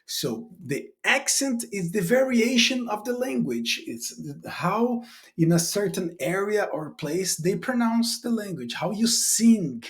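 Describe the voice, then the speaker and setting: Animated, lively-pitched male teacher. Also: unhurried. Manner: animated, chatty, with playful demonstrations. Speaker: English teacher trainer. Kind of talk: casual video lesson to teachers.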